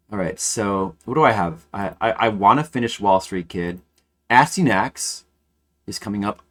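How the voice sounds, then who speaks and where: A man's voice: fairly low pitch, a bit bright. A man streaming games, chatting casually and thinking aloud, rambling with frequent restarts. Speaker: game streamer. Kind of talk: casual live-stream chat.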